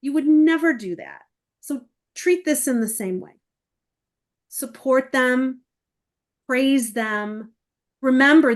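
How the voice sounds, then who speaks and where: In an interview, a middle-aged woman who works as an essay coach lays out her method with plenty of animation, voicing the emails and parents she cites. Her pitch is a little high.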